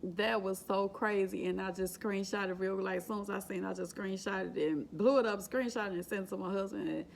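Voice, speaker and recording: A woman's voice: mid-range voice, steady tone, brisk, vocal fry, few pauses, slight background noise. A woman vlogger telling an emotional, faith-filled personal story in a casual, repetitive way. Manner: exclaims and laughs while retelling. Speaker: vlogger sharing her exam story.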